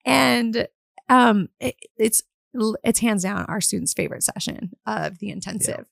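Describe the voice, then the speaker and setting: A woman's voice: on the high side, a little slow, gravelly, no echo, clean studio sound. Enthusiastic woman podcast host. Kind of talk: casual interview chat.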